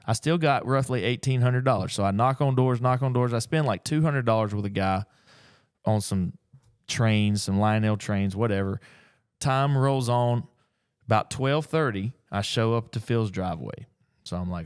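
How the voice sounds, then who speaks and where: A middle-aged man, telling a story in a casual, folksy, animated way as an antiques picker. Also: fairly low pitch, moderate pace, clean tone, no room sound, clean studio sound. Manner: animated, folksy, acts out the people in his stories. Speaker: antiques picker and auction dealer. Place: auction gallery.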